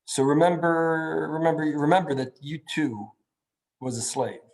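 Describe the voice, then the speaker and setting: A Torah teacher speaks a little slowly in a somewhat high, steady, darkish voice. Reasoning out loud, he frequently starts over and checks with his class by asking "right?"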